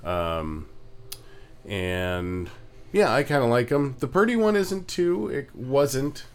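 A man co-hosting a podcast, talking in casual chat with a halting, hesitant manner and quiet asides. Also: mid-range voice, lively intonation, clean tone. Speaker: podcast co-host.

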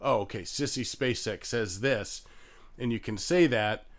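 A man's voice: medium pitch, unhurried. A man co-hosting a podcast in casual chat, reading listener messages and often hesitating with fillers. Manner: hesitant, searching for words, many uh fillers. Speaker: podcast co-host.

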